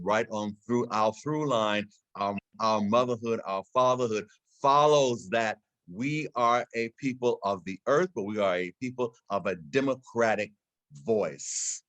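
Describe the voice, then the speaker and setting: A man's voice: fairly low pitch, no room sound. An older man giving an impassioned, preaching talk to guests in a house gallery, repeating words as he builds to emphatic peaks. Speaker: invited speaker. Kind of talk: impassioned address.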